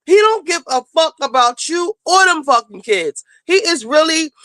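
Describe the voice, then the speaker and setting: Blunt, high-voiced woman host. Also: no room sound, poor audio. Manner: blunt, profane, fast-talking, animated. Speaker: show host. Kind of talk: casual reality-TV commentary. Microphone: home streaming setup.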